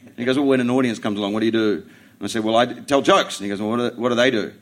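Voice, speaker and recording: A middle-aged Australian man, a comedian guest in a casual podcast chat, telling stories in a blunt, profane, animated way. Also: mid-range voice, rapid-fire.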